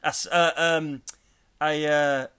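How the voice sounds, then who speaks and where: A man's voice: on the high side, fairly even intonation, slow pace, bright, forceful tone, clear, resonant tone. A man, rambling and joking as he co-hosts a casual podcast chat. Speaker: podcast co-host.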